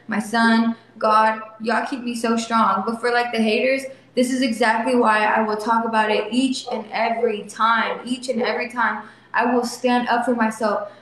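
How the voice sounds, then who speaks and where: A young woman in back pain talks to her livestream viewers, emotional and defiant, repeating herself. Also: on the high side. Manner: soft baby talk to her son. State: in back pain while sitting. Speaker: livestream vlogger. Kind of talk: casual livestream talk to viewers. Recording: very echoey phone stream, faint noise.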